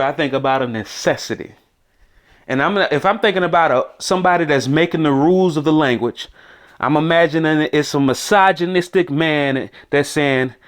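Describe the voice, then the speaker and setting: A man from the United States with a slightly high, clean-toned voice gives a casual spoken lesson on a podcast, teaching beginner Spanish words. He thinks aloud and repeats the words so listeners can echo them.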